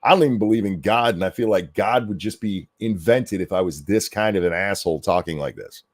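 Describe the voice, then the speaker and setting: A lower-pitched man rants through a reaction commentary, swearing freely and berating his target with sarcasm. His talk is blunt and mocking throughout. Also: a little fast, no room sound. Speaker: commentary host.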